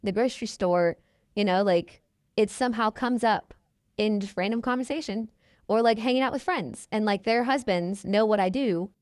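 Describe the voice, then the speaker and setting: A woman's voice: mid-range voice, normal speed, darkish tone, no echo, studio quality. A woman in her twenties, a podcast guest telling her story in a casual, chatty way and acting out the people she quotes. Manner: chatty, quotes people in their own voices.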